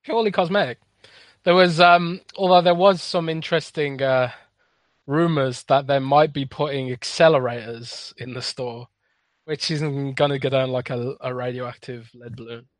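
A man co-hosting a gaming podcast who talks in a wry, sarcastic way and often laughs or trails off quietly. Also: medium pitch, fairly even intonation, moderate pace, no echo. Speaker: podcast co-host. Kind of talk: casual podcast chat.

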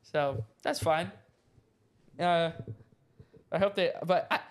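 A man's voice: high voice, steady tone, unhurried, long pauses, smooth. A man hosting a podcast in casual chat, telling stories in a jokey, teasing way with plenty of slang. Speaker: podcast host.

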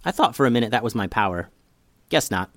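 A man voicing an eager, scheming young boy in a storybook reading, talking fast and persuasively. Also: mid-range voice, lively intonation, fairly bright tone, no echo.

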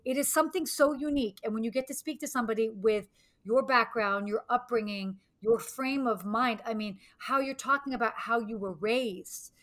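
Bright-voiced enthusiastic woman host. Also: fairly high pitch, moderate pace. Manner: effusive, enthusiastic reactions. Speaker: podcast host. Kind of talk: casual interview chat.

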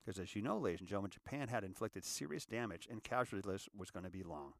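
Man giving an inspirational talk, lively pitch, dry close sound, repeats lines for weight. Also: fast talker, vocal fry, no room sound. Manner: addresses listeners as ladies and gentlemen, repeats phrases for emphasis. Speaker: inspirational speaker.

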